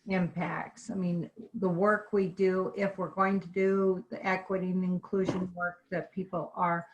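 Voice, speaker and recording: A woman's voice: on the low side, little pitch movement, measured pace, dull audio. A woman on a video call, earnestly urging a board and repeating herself as she makes her point. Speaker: board member. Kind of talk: virtual board meeting remarks.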